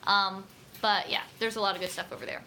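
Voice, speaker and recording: In a home filming corner, a woman who works as a nutrition coach chats on a casual livestream captured by a tripod-mounted camera. Her mid-range voice is steady, brisk, bright and forceful, over slight background noise. She rambles and uses plenty of fillers.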